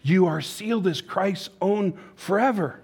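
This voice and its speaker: Guy preaching a sermon, kinda high voice, chatty and loose, tells jokes along the way. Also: a little slow, vocal fry, a little mellow, husky. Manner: conversational preaching with joke-telling asides. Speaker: pastor.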